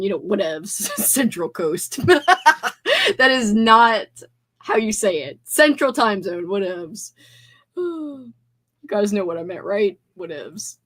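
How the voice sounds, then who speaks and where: A woman hosting a casual livestream, chatting with viewers in a bubbly, effusive way. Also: medium pitch. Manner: bubbly, effusive, squeals with excitement. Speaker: livestream host.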